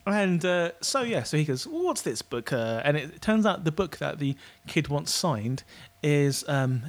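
A man co-hosting a podcast, casually recapping a show with many fillers and brief character mimicry. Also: fairly high pitch. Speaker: podcast co-host. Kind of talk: casual chat recapping an episode.

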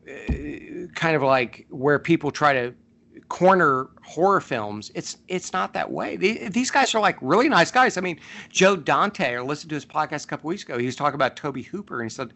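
Chatting and spinning stories on his podcast, this man meanders along with plenty of filler words. He speaks at a moderate pace in a fairly high, animated voice with a bright, forceful tone.

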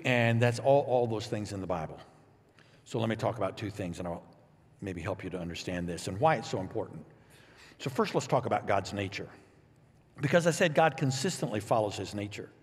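A man preaching a sermon as pastor, animated and playful, reading scripture with lively asides. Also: mid-range voice, long reverb tail.

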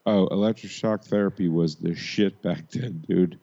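Male podcast host, lowish voice, halting casual chat, lo-fi sound. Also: warm tone. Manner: rambling, halting banter.

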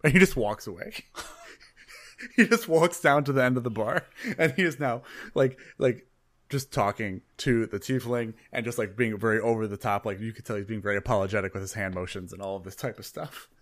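A man narrating as game master of a tabletop game, with dry deadpan asides. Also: fairly low pitch, fairly quick, dry recording.

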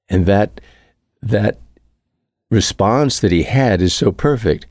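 Deep-voiced priest giving a relaxed homily. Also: male voice, dry recording, clean studio sound. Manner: reflective, repeats key phrases, chuckles lightly. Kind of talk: conversational homily.

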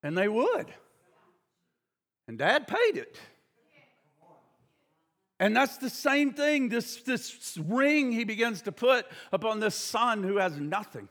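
A man preaching a sermon, retelling a story in an animated storytelling manner and shouting at the peaks. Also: very high-pitched, slow, pauses often, long reverb tail.

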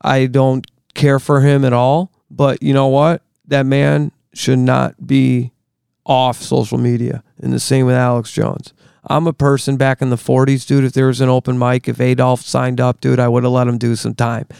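A man ranting angrily as a podcast guest, swearing freely and climbing higher in pitch as he gets worked up. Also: flat delivery, normal speed, vocal fry, a little mellow, clean tone, dry recording, studio quality. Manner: angry, profane ranting that builds in pitch. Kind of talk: heated podcast conversation. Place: studio.

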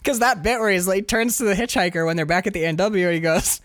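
A man co-hosts a casual podcast, riffing on a film with heavy swearing and frequent laughter. His voice is high-pitched and fast, recorded at studio quality with no room sound. He's animated and acts out scenes, quoting lines in different voices.

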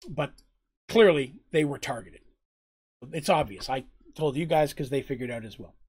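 Husky-voiced man retelling a tabletop session, conversational and rambling. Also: medium pitch, moderate pace, darkish tone. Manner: conversational, rambling, with frequent fillers. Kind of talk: recounting a tabletop game session.

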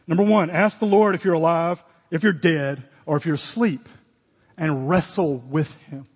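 A man's voice: a little high, normal speed, husky, in a large hall. A man preaching a sermon as pastor, earnest and direct, with sudden emphatic exclamations.

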